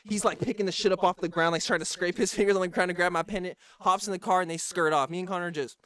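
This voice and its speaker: Fast-talking young man telling a story. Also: high-pitched, fairly even intonation, fairly bright tone. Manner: slangy, rambling, restarts often. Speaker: podcast co-host. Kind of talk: casual storytelling chat.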